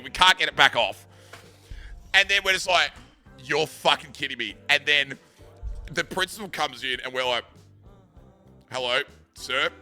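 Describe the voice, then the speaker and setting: Bright-voiced Australian bloke telling a story. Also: male voice, fairly high pitch. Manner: rambling, sweary, laughing anecdote with slang like bro and dude. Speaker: streamer. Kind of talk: casual storytelling.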